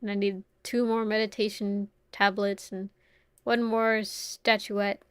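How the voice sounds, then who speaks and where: A woman's voice: medium pitch, flat delivery, unhurried, clear, resonant tone, dry recording. A young adult woman streaming a game, chatting casually, reading chat aloud and laughing often. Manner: giggly, playful, reads chat aloud.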